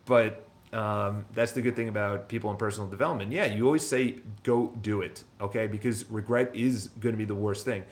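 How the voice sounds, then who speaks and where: A man's voice: lowish voice, fairly even intonation, a little fast. Blunt rambling man telling his story. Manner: rambling, blunt, swears freely. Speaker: real estate broker and business owner. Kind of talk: casual personal storytelling.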